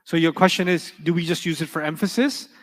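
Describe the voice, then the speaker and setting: Guy teaching grammar to a class, upbeat and animated, bit of a higher voice, big echoey hall. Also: fast talker. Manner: lively, animated, asks the class questions. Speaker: Arabic teacher.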